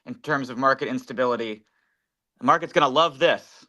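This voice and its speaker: A man's voice: medium pitch, brisk, pushed and bright. A man on the show's team cutting in casually with a breaking news update.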